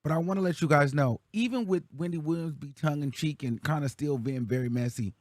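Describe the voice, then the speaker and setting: A man's voice: on the high side, fairly quick, no room sound, clean studio sound. A man hosting a commentary show, talking casually in a chatty, slangy way.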